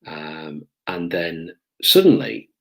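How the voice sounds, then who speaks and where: A middle-aged man tells old police stories straight to the camera. His voice sits a little low and unhurried, broken by hesitant ums as he searches for the next detail. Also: very animated. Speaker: police officer recounting his career. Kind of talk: casual storytelling to camera.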